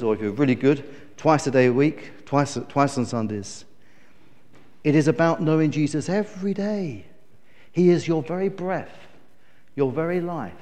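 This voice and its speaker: Male preacher, middle-aged, high-pitched, emphatic storyteller, big church reverb. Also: a little mellow. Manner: storytelling, emphatic, self-correcting. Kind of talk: sermon.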